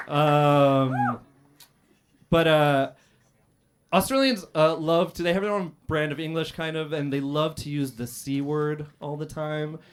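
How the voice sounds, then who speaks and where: A man performing a stand-up roast set on a comedy club stage, dry and deadpan, with many "uh" pauses and sudden loud outbursts. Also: on the high side, a little hiss or hum.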